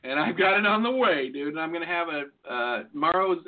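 Joking high-voiced man on phone-quality audio. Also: animated, a little fast. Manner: joking, rambling. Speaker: podcast co-host. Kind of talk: casual banter.

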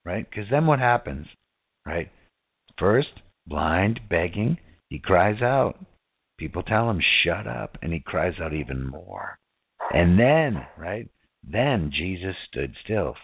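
A man preaches a casual sermon, repeatedly throwing rhetorical questions and "right?" at his listeners. His low, husky voice is very animated and unhurried, and the recording sounds dry and tinny, like a phone.

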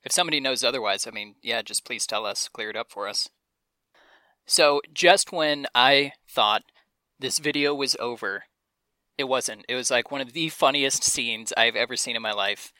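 Bright-voiced excitable male podcaster. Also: mid-range voice, moderate pace, no room sound. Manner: enthusiastic, reads out quotes with playful voices. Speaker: podcast co-host. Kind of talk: casual chat.

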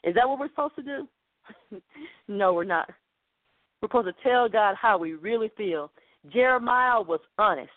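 A woman's voice: medium pitch, animated, moderate pace, pauses often, dry recording. A woman preaching a sermon in an earnest way, repeating phrases for emphasis. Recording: tinny phone-like sound.

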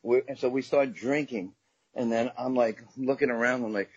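A man's voice: mid-range voice, fairly even intonation, normal speed, breathy edge, dry recording. A middle-aged man from Staten Island, a guest comedian telling rambling, profane anecdotes in a casual podcast chat. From Staten Island, New York. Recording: dull lo-fi sound.

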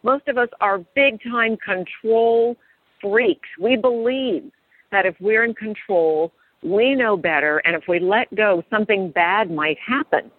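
A woman radio host with a mid-pitched voice, encouraging and affirming as she draws out her guest. Her voice is dry and narrow, like a phone line. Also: a little slow, dry recording. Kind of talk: radio interview.

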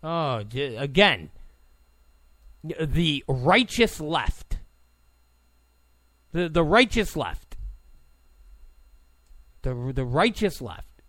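A man's voice: on the high side, big pitch swings, very slow, pauses often, a bit bright, no room sound. A man hosting a political talk show, delivering an opinionated, sarcastic monologue full of stammering restarts.

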